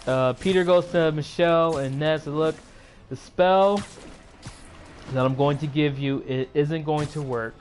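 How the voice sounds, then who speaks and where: A man with a fairly high voice retells a movie in a loose, rambling vlog recap, leaning on fillers as he goes. He sounds sleepy and keeps yawning. His throat is sore from all the talking. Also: fairly even intonation, a little slow, a little mellow, slight background noise. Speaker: YouTuber.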